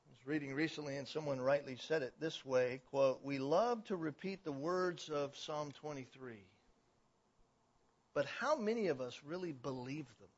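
A man preaching a sermon, building from steady explanation to loud, emphatic declarations. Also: fairly high pitch, moderate pace. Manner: swells to emphatic, raised declarations. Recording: dull, lo-fi recording.

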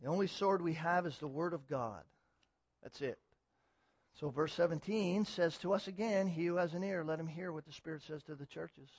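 Male pastor, higher-pitched voice, emphatic sermon delivery that builds from calm to forceful, dry slightly dull recording. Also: moderate pace, husky, no echo. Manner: swings from quiet teaching to loud emphatic exhortation; repetitive, emphatic preaching.

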